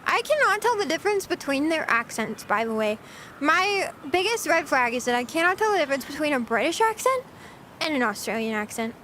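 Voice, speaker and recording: A woman's voice: sits high, big pitch swings, fairly quick, bright, forceful tone, a little hiss or hum. A young woman streamer rambling through casual chat with her viewers, giggling often.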